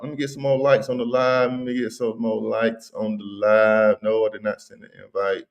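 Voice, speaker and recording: Man, livestream host, casual slang, reads comments aloud, animated, slightly low voice. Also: normal speed, hardly any pauses, dull audio.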